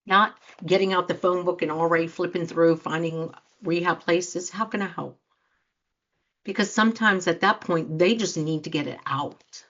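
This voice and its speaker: A woman's voice: on the low side, normal speed, few pauses, a bit bright. A woman life coach giving an earnest motivational talk to listeners, acting out quoted reactions as she speaks. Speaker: life coach and show host. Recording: dull lo-fi sound.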